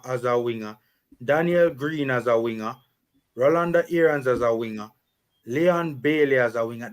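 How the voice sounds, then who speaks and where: A man with a Jamaican accent hosting a sports vlog, talking in casual, animated Patois-laced banter. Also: medium pitch. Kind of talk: casual chat.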